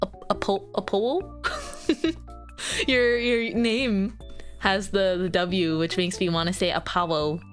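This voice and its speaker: A woman's voice: mid-range voice, fairly even intonation, slow pace. A woman streaming from home, chatting casually to her viewers in a bubbly, giggly way that rambles from one thing to the next. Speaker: VTuber streamer. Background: faint background music.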